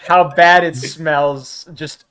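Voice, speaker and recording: A man's voice: a little high, fairly even intonation, slow pace, a crowd in the background. A man narrating as game master of a tabletop game, chatty and laughing often.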